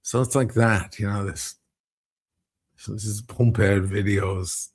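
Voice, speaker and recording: A man with a deep, gravelly voice rambles through a casual live stream chat. He swears freely and breaks into laughter between thoughts. His tone is a little husky. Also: fairly even intonation, takes it slowly. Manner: rambling, profane, laughs often.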